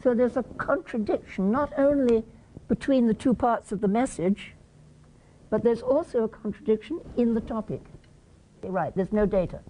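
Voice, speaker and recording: The presenter is a woman from England whose warm voice sits on the high side at a moderate pace, with slight background noise. Her conference talk involves quizzing listeners and acting out short examples.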